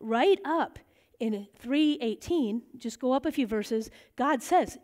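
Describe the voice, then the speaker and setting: A middle-aged woman teaching a bible study, lively and animated, acting out the voices in the stories she tells. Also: sits high, moderate pace. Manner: animated, acts out quoted voices.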